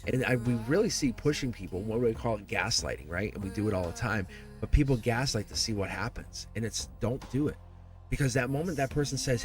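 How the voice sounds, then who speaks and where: A middle-aged man hosting a live tarot stream, rambling and animated, laughing often as he talks. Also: mid-range voice, fairly quick, faint music behind.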